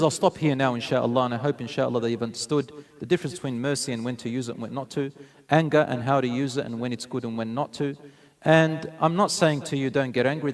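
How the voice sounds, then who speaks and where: A man preaching a sermon, telling stories earnestly and mixing in Arabic phrases. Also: mid-range voice.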